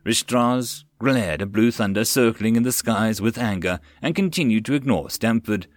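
A man narrating a web novel audiobook, expressive and swinging with the action. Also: on the low side, moderate pace, no echo. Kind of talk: reading a web novel aloud.

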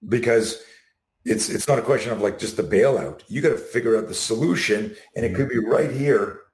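A middle-aged man being interviewed, talking in an animated way and acting out the quotes in his stories. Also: mid-range voice, a little fast. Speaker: guest. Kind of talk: casual interview. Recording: roomy echo.

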